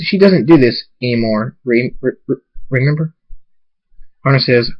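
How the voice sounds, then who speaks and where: A man reads a fan story aloud in a halting way, often stumbling and starting words over. His voice sits at a middle pitch. The recording is dull and lo-fi. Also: animated. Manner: halting, frequent stumbles and restarts. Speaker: reader of fan fiction. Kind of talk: amateur story reading.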